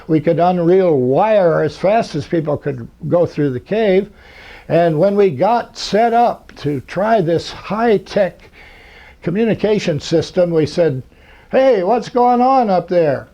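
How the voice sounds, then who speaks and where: A man's voice: high voice, lively intonation, slow, mellow. An older man giving a rambling, dry-humored talk to an audience in a lecture hall, with plenty of fillers. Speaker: convention speaker. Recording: muffled lo-fi recording.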